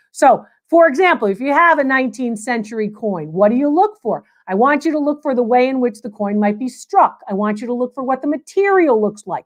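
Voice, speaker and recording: Host: woman, high voice, chatty and emphatic, live Q&A with viewers. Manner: chatty and emphatic, repeats phrases for stress. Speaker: antiques appraiser and livestream host. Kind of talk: live Q&A chat reading viewer comments.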